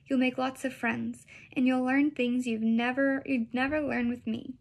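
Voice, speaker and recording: A woman reading aloud, voicing a mother who softly encourages her young son. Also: sits high, level tone, moderate pace, vocal fry. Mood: coaxing. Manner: soft, encouraging. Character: gentle, coaxing mother of a young boy.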